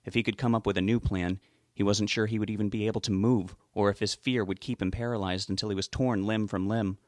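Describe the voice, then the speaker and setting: A man narrates a novel in a steady, measured way. His voice sits fairly low and is recorded dry and close, with no room sound. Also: no echo. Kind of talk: audiobook narration.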